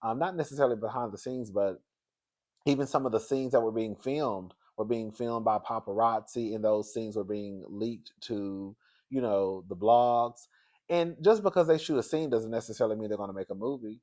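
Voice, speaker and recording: A man hosting a casual pop culture gossip vlog, animated and chatty, who calls his viewers girl and baby and jumps into a high, laughing voice when he gets excited. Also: normal speed. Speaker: vlog host.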